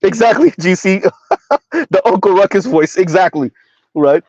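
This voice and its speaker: A man with a slightly high voice, talking through a casual commentary stream. He argues in rhetorical questions and keeps checking in with "right?" and "huh?". The sound is dry and a little dull, like a home setup with a modest mic. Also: expressive, unhurried, pauses often, darkish tone, no echo. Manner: rhetorical, repeats "who would have ever thought" and "right? huh?"; talks about himself in third person. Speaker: commentary host.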